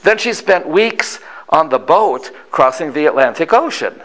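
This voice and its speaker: A man in his sixties telling a family story in an animated way, full of dramatic pauses. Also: a little high, rough recording.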